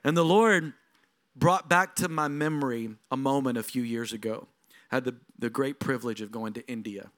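A middle-aged man, a lead pastor, preaching a sermon in a storytelling way that moves from quiet moments to emphatic passages. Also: medium pitch, normal speed.

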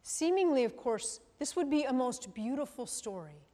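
A mellow, sing-song voice that sits high belongs to a woman pastor preaching at a moderate pace. Her sermon is conversational, and she checks in with the congregation through tag questions as a teacher might. Long reverb from a large hall is audible throughout.

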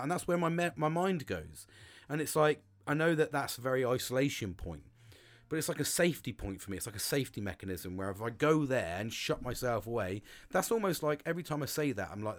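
A middle-aged man talking on his solo podcast, blunt and full of swearing. His delivery rambles and restarts as he works through his thoughts. His pitch sits right in the middle for a man. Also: lively intonation, a little fast. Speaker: podcast host. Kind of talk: casual solo podcast monologue. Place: home log cabin studio.

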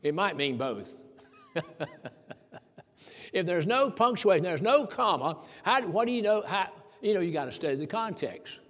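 Male preacher, high voice, folksy sermon delivery, slows for scripture quotes, long reverb. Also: very animated, fairly bright tone.

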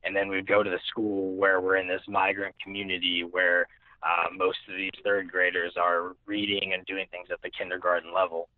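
A man's voice: low voice, completely flat delivery, moderate pace, no echo. A young man telling a personal story as an interview guest, rambling with many restarts and fillers. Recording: tinny phone-like line.

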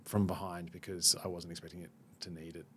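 A man's voice: low voice, little pitch movement, fairly bright tone, slight background noise. A man hosting a podcast, talking openly and reflectively with frequent restarts. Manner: open and self-reflective, halting restarts. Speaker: podcast host. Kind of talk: candid podcast conversation.

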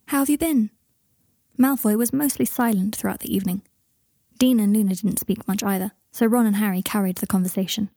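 A woman narrating a story in a calm, even reading voice on a close microphone. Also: medium pitch, brisk, no echo. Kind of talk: storybook narration of fan fiction.

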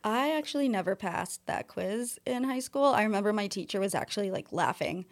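A woman's voice: mid-range voice, fairly quick. A woman co-hosting a podcast, reading an intro in a polished voice and chatting casually and agreeably. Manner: polished read-out intro, then relaxed and agreeable. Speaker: podcast co-host. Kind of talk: casual chat.

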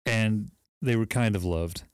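A man's voice: lowish voice, a little slow, smooth, no room sound, studio quality. A man co-hosting a podcast, chatting casually, laughing often and poking fun at himself. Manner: laughing, self-deprecating, rambling with restarts. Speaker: podcast co-host. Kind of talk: casual chat.

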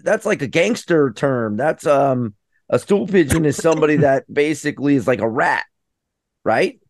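A man's voice: a little high, expressive, moderate pace, a little hiss or hum. A man co-hosting a casual podcast chat, easygoing and laughing, tossing out questions. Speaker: podcast co-host.

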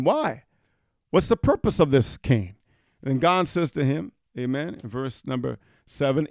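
A man's voice: lively intonation, moderate pace, creaky, dry recording, studio quality. A man preaching a fiery sermon, scattering amen and hallelujah and reading scripture in King James wording. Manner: peppers speech with amen and hallelujah; swings between loud exhortation and low murmured reading.

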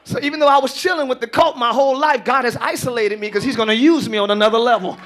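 A man in the pulpit delivers a live sermon. His voice sits unusually high and rings bright and piercing. He builds his points into shouted peaks and breaks off to tease the congregation. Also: fast talker, slight background noise. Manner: preaching with rising shouts and asides to the congregation. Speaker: pastor. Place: church.

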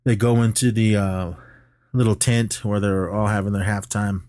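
A man's voice: lowish voice, moderate pace, no room sound, clean studio sound. A man co-hosting a podcast, casually recapping a movie plot and acting out the characters' lines. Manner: animated retelling, acts out characters' lines. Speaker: podcast co-host.

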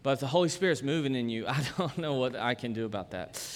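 A man's voice: medium pitch, expressive, fast talker. A man, preaching a casual, conversational sermon full of jokes and chatty asides. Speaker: pastor. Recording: long church-hall reverb.

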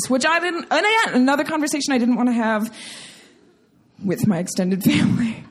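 Woman storyteller, bright high voice, lively and giggly delivery. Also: moderate pace. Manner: animated, laughing through the story. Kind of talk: comic personal storytelling.

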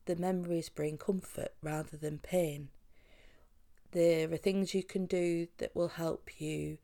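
Woman, podcast host, earnest, reassuring, direct address, mellow, creaky. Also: fairly low pitch. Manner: earnest, reassuring, speaks straight to the listener. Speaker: podcast host on pet bereavement.

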